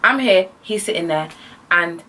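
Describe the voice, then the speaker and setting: Young woman, husky breathy voice, storytime vlog, chatty and slangy, mic set a bit away. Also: fairly low pitch, unhurried, recorded from a distance. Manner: animated, slangy, heavy use of "like". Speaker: vlogger.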